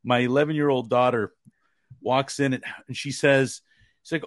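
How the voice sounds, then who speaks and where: A middle-aged man co-hosting a sports podcast, telling stories in a lively, joking way. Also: medium pitch, normal speed, dry recording, clean studio sound. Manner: animated storyteller, laughs easily. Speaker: podcast co-host. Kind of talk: casual sports podcast chat.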